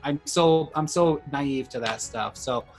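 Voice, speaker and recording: A co-host in a casual movie review discussion, talking in rambling, restarting sentences and dropping low when complaining. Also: a little slow, soft background music.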